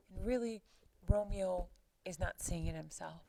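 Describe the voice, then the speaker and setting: A woman teacher casually retelling a play scene by scene, chatty and animated, putting the old lines into everyday words. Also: mid-range voice, measured pace, poor audio. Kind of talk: lesson recap with paraphrased quotes.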